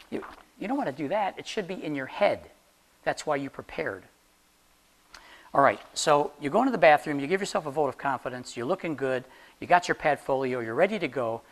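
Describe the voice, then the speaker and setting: Speaking briskly in an animated, mid-range voice, a talkative teacher gives a class hands-on tips about job interviews. She keeps it casual, quizzing the students often and cracking jokes, then chuckling at them herself.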